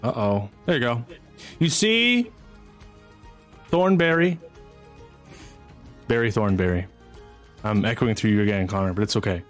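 A man narrating as game master of a streamed tabletop game, energetic and chatty, swinging into excited whoops. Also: lowish voice, normal speed, pauses often, faint music behind.

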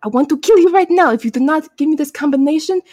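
A woman's voice: high-pitched, quick pace, voice pushed up, natural voice. A woman doing a furious ancient pharaoh. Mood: furious threatening. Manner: shouting threats in a put-on accent. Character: furious ancient pharaoh man, threatening and pompous.

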